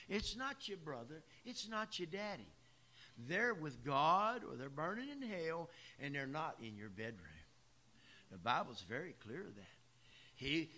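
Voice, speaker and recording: A pastor in church preaches a sermon with folksy asides, his voice on the high side, pushed and bright, with slight background noise. He speaks in plain, emphatic words straight to his congregation.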